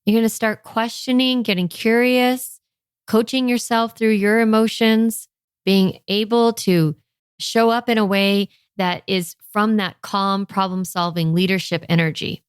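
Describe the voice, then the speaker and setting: A woman in her thirties coaching parents in a lively, energetic way, often acting out a parent's inner thoughts and checking in with "okay?". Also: medium pitch, a little slow, clean tone, no echo, clean studio sound.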